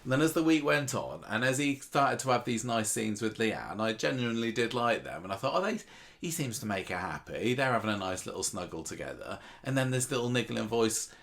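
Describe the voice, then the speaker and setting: A man's voice: medium pitch, fairly quick, creaky. A man co-hosting a casual chat, recapping a soap with frequent laughter. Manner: laughs often, animated. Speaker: podcast co-host.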